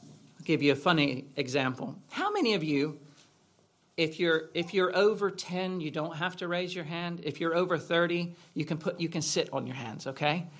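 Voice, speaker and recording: A man's voice: on the high side, animated, normal speed, a bit bright. A man preaching a sermon in a church, asking rhetorical questions in a conversational way. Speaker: pastor.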